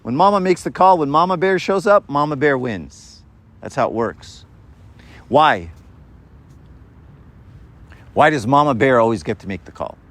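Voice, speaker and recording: Speaking with lively intonation in a medium-pitched, fairly bright voice, a man delivers a casual sermon to a group at a measured pace with frequent pauses. He keeps asking "right?" and performs the quoted voices in his stories.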